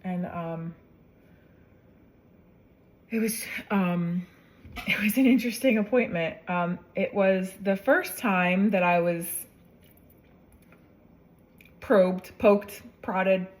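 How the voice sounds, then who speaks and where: A young woman vlogger cooks in her kitchen while casually telling a personal story, rambling, correcting herself, and using many fillers. Her mid-range voice moves slowly with frequent pauses, and the recording quality is low.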